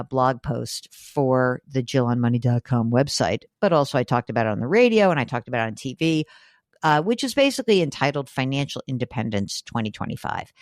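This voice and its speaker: A woman hosting a call-in radio advice show, chatty and emphatic, with her pitch jumping up when she gets excited. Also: no echo, clean studio sound. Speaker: radio and podcast host.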